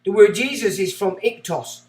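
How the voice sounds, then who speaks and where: A man hosting a livestream, reading a book aloud and breaking off into rambling, excitable asides. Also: sits high, moderate pace, roomy sound. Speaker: livestream host.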